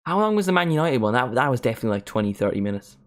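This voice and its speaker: Very animated and talking very fast, a young man in a medium pitch provides casual live commentary and chat during a football watchalong stream. He rambles, says "like" constantly, and sings along now and then.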